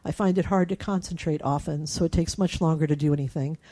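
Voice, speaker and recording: A woman's voice: deep voice, steady tone, fast, warm tone. A middle-aged woman candidly telling her own story and reading her emails aloud, with fillers and small laughs. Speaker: cancer patient sharing her story.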